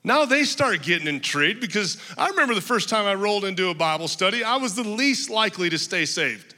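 Male pastor, sermon, emphatic personal storytelling, fairly high, piercingly bright, reverberant church hall. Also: animated, brisk.

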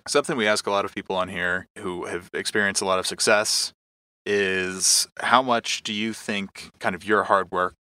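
A deep, bright-toned man hosting a podcast. He asks his guest questions in a measured way, and the recording is dry and close. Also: fairly even intonation, smooth, no echo. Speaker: podcast host. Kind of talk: interview questions.

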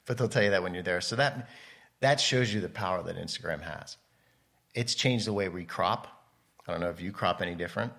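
A man with a low, deep voice talks loosely through a podcast interview. He rambles, cuts himself off and restarts mid-thought, like a guest telling stories from his working life. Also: fairly quick, vocal fry, a bit bright. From United States. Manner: rambling, self-interrupting storyteller. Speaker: podcast guest, model and photographer. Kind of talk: casual interview chat.

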